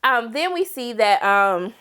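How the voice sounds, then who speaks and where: Young woman, high voice, casual recap, slangy, profane, animated. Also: takes it slowly, clean tone. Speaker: TV show reviewer.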